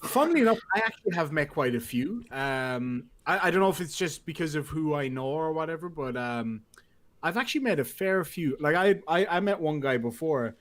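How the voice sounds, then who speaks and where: A man's voice: on the high side, expressive, brisk. A man co-hosting a casual livestream chat, reading viewer comments and telling jokes. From lives in Australia. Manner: chatty, reads viewer comments, tells jokes. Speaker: co-host.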